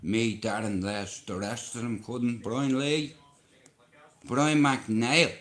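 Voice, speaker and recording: A man's voice: medium pitch, fairly even intonation, fairly bright tone. A man with a Dublin accent telling rambling, swear-laden stories during a casual live stream. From Dublin, Ireland. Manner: drawn-out, rambling anecdotes with swearing and "bro". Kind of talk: casual livestream storytelling.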